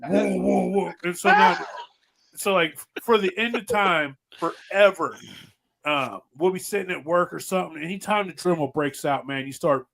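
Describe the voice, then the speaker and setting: A man's voice: high-pitched, normal speed, gravelly, pushed and bright. A man telling rambling, profane stories in a casual podcast chat, often laughing. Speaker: podcast host.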